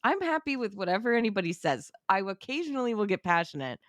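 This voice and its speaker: A young woman co-hosting a casual chat, animated and laughing often, with lots of fillers. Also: mid-range voice, fast talker, a little hiss or hum. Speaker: podcast co-host.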